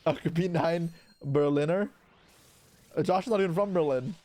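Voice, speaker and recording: A man's voice: fairly high pitch, moderate pace, dark tone, dry recording. A young man chatting casually on a live stream, answering his chat aloud while opening card packs, with offhand swearing. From Canada.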